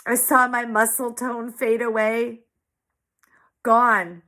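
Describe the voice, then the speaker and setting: A woman in her forties shares her story in an earnest, heartfelt monologue. She sounds teary-eyed and sniffly, leaning on repeated phrases for emphasis. Her voice sits at an ordinary middle pitch. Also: measured pace, a bit bright. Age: 40s. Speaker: small business owner sharing her story.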